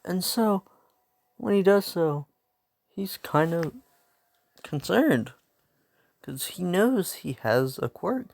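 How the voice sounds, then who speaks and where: A man's voice: high-pitched, animated, takes it slowly, creaky, long pauses, a little mellow, no room sound. A young man casually telling a fan story, rambling and interrupting himself, laughing at his own asides.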